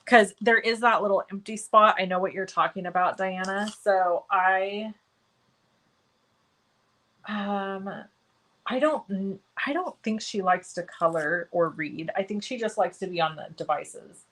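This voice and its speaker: In a rough recording, a crafting stream host with a slightly bright, middle-pitched voice guides a live cardmaking lesson in a chatty, easygoing style. She explains each step while working and stops to answer viewers by name, frequently joking about herself.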